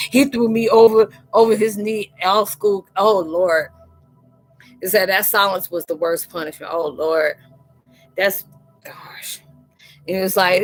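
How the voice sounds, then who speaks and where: Animated laughing woman telling stories. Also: mid-range voice, low-quality recording. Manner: animated, laughing, slangy, acts out quoted voices. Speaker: live chat host. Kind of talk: casual storytelling chat.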